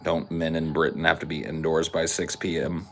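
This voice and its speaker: A man's voice: a bass voice, little pitch movement, normal speed, soft background music. A man hosting a podcast, chatting casually and reading comments aloud in a sarcastic, crude way. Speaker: podcast host.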